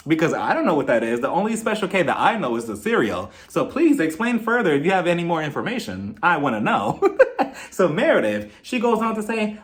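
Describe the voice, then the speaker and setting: A man's voice: high-pitched, sing-song, a little fast. A man giving a casual, giggly and sarcastic recap review of a reality show. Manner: giggly, sarcastic, acts out quotes.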